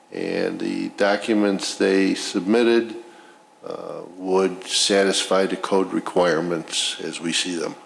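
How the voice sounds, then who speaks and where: A man giving an inspector's report at a public meeting in a deliberate way. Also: fairly low pitch, creaky. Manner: slow and deliberate. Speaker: village inspector. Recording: echoey room with faint noise.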